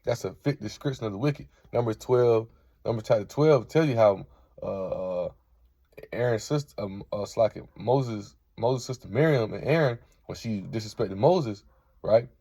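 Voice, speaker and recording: In an informal scripture lesson, a Bible teacher reads verses aloud and keeps asking "right?" as he makes his points. He talks at a moderate pace in a lowish, dark, husky voice, with no room sound.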